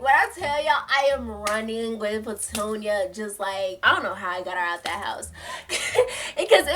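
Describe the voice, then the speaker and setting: Woman, high voice, slangy storytime vlog, swears a lot. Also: slight background noise. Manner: animated, slangy, swears freely. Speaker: storytime vlogger. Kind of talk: casual storytime.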